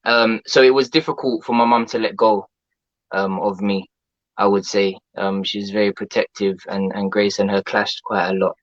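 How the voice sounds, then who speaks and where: A man talks casually as a guest, meandering through his thoughts with plenty of fillers. His voice sits a little low. The recording sounds dull and dry. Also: flat delivery, normal speed, no echo. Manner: chatty, hesitant with many fillers. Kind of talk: casual chat.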